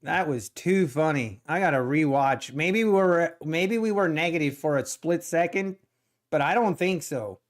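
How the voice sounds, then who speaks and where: A man hosting a live day-trading stream, excitable, laughing often and repeating himself. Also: fairly high pitch, a little slow. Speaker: day-trading livestream host.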